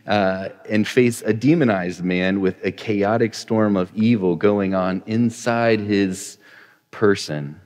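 A man in his thirties preaches from the pulpit, his voice sitting on the low side. He talks casually and cracks little jokes before leaning hard into his main points, with a long reverb ringing through the church. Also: slow, a little mellow. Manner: chatty, self-deprecating humor, builds to emphatic points. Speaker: pastor. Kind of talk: conversational sermon. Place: church sanctuary.

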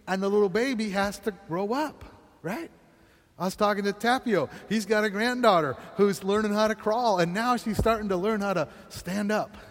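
A pastor delivers a sermon in a bright, high voice, easygoing and conversational. He laughs often and keeps turning to his listeners with questions. His voice rings out with a long reverb tail.

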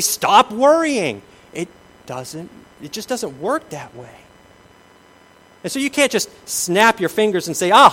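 A man preaching a sermon, shifting between lively emphasis, acted-out quotes and quiet asides. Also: a little high, rough recording. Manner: animated preaching, acts out quoted voices, drops to soft asides. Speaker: pastor.

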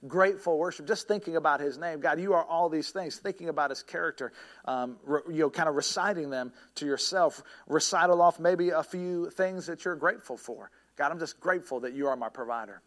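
A pastor preaches earnestly and searchingly, pausing often, restarting phrases and filling gaps with small fillers. His voice is a little high for a man and sometimes rises to a shout during stories.

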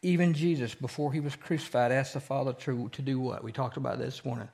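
A man's voice: mid-range voice, fairly even intonation, fast talker, vocal fry, darkish tone. A man teaching a church Bible study, asking the group questions and repeating key phrases.

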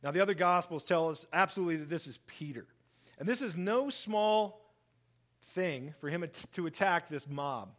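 Animated man preaching a sermon. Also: normal speed. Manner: animated, acts out quoted speech, lively shifts in pitch and volume. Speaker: pastor. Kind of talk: sermon, Bible reading and commentary.

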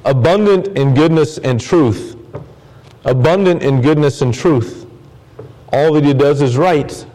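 Earnest male pastor with a mellow voice. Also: a little high, measured pace, low-quality recording. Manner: earnest, repeats phrases for emphasis. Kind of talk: sermon.

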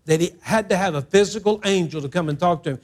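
High-voiced preacher man. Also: fast, a little mellow. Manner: emphatic, repeats phrases, acts out quotes. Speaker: pastor. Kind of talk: sermon. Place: church.

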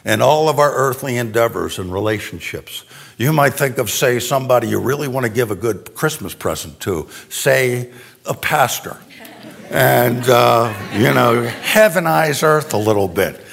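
A man's voice: medium pitch, lively intonation, normal speed, creaky, fairly bright tone. A man preaching a sermon to a congregation in a church, in a conversational style with asides and tag questions. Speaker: pastor. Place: church sanctuary before an audience.

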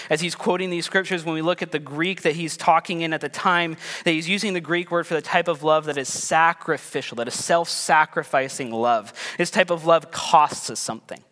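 A man's voice: on the high side, pushed and bright. A man in his thirties preaching a sermon in a casual, conversational way, with self-deprecating stories about his family. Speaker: pastor. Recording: long hall reverb.

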